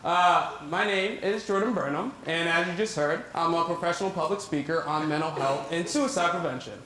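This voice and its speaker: A man's voice: a little high, a little fast, bright, forceful tone. A young man giving a casual, joking talk to a live audience as a public speaker. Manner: joking, self-deprecating, chatty. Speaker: public speaker on mental health. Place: large echoey hall with audience. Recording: echoey hall, crowd and noise faint.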